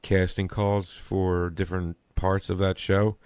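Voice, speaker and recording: A deep-voiced American man hosts a podcast in loose, casual chat. He talks fast, stumbles over his own restarts and swears freely. The sound is dry and close, with no room around it. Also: little pitch movement, darkish tone, clean tone, dry recording. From United States. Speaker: podcast host.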